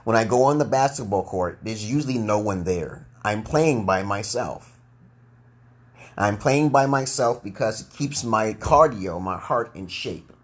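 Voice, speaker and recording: A man's voice: lowish voice, lively intonation, a little slow. A man with a New York accent hosting a rambling live monologue for his online group, tagging "okay?" onto his points and restarting sentences often. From Brooklyn, New York, USA.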